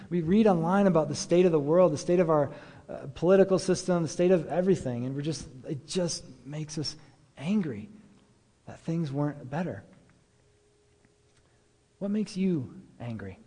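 The pastor talks at a normal speed in a laid-back sermon, using plenty of "like" and "um" and putting questions to his listeners. His voice is slightly high for a man, with a long hall-like reverb trailing every phrase.

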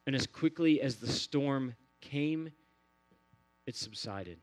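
A man's voice: medium pitch, expressive, takes it slowly. A man preaching a sermon in an earnest, repetitive cadence, building phrase on phrase. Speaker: pastor.

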